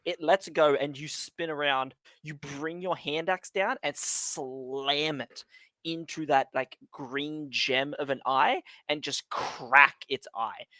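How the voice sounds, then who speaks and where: A man's voice: fairly high pitch, steady tone, takes it slowly, pushed and bright, dry recording. Joking man running a tabletop game. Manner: laughing, loose and joking. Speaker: dungeon master.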